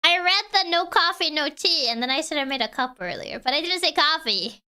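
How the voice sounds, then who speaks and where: A woman's voice: high-pitched, sing-song, brisk, bright, forceful tone. A woman streaming a game, chatting playfully with her viewers and laughing often. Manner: giggly, playful, chats with viewers. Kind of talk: casual chat while playing a game.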